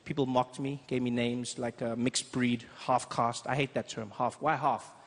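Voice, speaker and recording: A young South African man doing stand-up, telling stories in an animated way and slipping into voices. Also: mid-range voice, moderate pace. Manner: animated storytelling, jumps into voices. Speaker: stand-up comedian. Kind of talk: stand-up comedy. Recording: reverberant hall with background noise.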